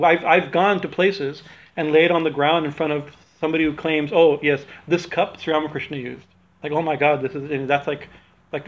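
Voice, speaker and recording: A man giving a loose, rambling religious talk, often checking in with "right?" His voice sits a bit high for a man. The recording is dull and lo-fi. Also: fairly bright tone. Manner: rambling, keeps asking "right?". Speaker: spiritual teacher.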